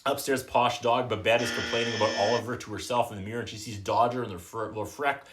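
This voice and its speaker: A man hosting a podcast, recapping a movie in a casual, sarcastic way, often trailing off softly at the end of a thought. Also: mid-range voice, fairly even intonation, noisy background. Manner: dry, joking, quotes characters in quick put-on voices. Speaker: podcast host reviewing a movie.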